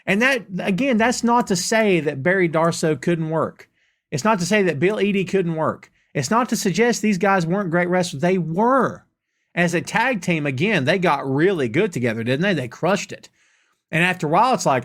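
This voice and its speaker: A man's voice: sits high, expressive, normal speed, fairly bright tone. A man with a Southern US accent hosting a live question-and-answer podcast. He rants emphatically and casually, repeating lines for effect. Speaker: podcast host.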